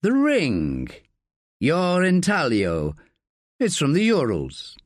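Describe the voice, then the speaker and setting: For an audiobook, a man voices a terse police inspector, putting pointed, probing questions in a level voice. The performance is heavily acted, pitched above his natural voice, on the high side with huge pitch swings and a slow pace. It's a dry, studio-quality recording.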